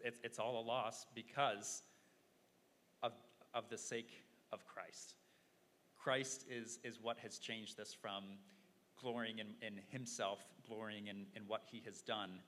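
Male preacher, bright forceful tone, earnest and halting, long hall reverb with faint hiss. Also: on the low side, level tone. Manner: earnest, repeats words while thinking. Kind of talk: sermon.

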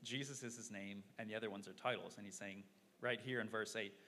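A man's voice: lowish voice, steady tone, fairly quick, pushed and bright. A man preaching a sermon in an earnest, explaining way, often repeating words as he thinks. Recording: long hall reverb, faint noise.

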